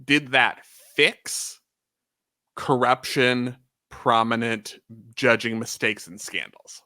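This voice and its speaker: A man's voice: medium pitch, takes it slowly, bright, forceful tone, no room sound. A man co-hosting a podcast, chatting casually and teasing his co-host. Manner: wry, teasing. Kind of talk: casual chat.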